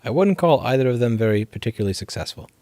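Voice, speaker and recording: A man's voice: mid-range voice, animated, very fast, warm tone, dry recording. A man hosting a casual live question-and-answer stream from his repair shop, talking animatedly, swearing and laughing often. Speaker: livestream host.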